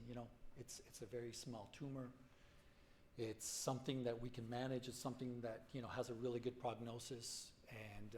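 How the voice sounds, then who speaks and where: A man in his forties telling his own story to a symposium audience, halting and emotional, full of restarts and fillers. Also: medium pitch, a little mellow, slight background noise. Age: 40s. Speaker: patient speaker at a medical symposium. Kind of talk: personal story told to an audience. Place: conference hall.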